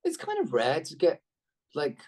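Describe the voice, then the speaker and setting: A man in middle age talks through a video call, his voice husky and swinging up and down as he rambles from one anecdote to the next. He stays chatty and self-deprecating, often restarting his sentences. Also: fairly high pitch, wildly swooping pitch, normal speed, darkish tone. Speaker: actor guest. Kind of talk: casual interview chat.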